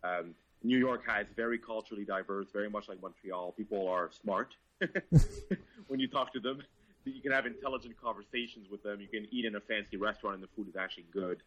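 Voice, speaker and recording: Guy chatting, laughs a lot, swears, bright and a bit low. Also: brisk, muffled recording. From Quebec, Canada. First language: French. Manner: laughing, profane, animated storytelling. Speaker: guest car reviewer. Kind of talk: casual chat.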